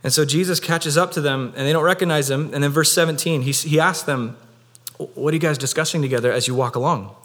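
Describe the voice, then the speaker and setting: A man's voice: a little high, quick pace, fairly bright tone. A young man preaching an Easter sermon in a casual, conversational way, with many fillers. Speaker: pastor.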